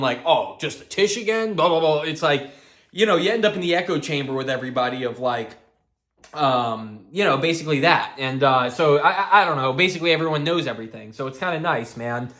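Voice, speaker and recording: A man's voice: a little high, brisk, pushed and bright. Chatty metalhead man rambling casually. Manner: loose and chatty, laughs and swears. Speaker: metal music vlogger.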